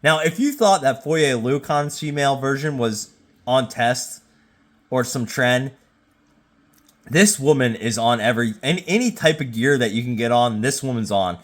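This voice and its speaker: A tipsy man talks loosely into his phone at home, repeating himself and tripping over words. His casual delivery now and then jumps into loud, excited outbursts. His voice sits at an ordinary middle pitch. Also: normal speed. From Jacksonville, Florida. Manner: rambling, stammering, with bursts of excited loudness. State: tipsy from drinking. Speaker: YouTube host. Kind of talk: casual rating commentary.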